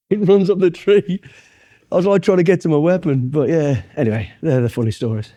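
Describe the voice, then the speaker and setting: Speaking fairly quickly in a dark-toned voice that sits on the high side, a middle-aged former special forces soldier from Britain guests on a casual interview. He's blunt and swears heavily as he rambles through his anecdotes.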